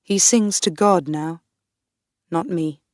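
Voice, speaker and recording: A woman narrating a first-person story slowly and clearly for English learners. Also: lowish voice, a little mellow, no echo, clean studio sound. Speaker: narrator of a graded reader story.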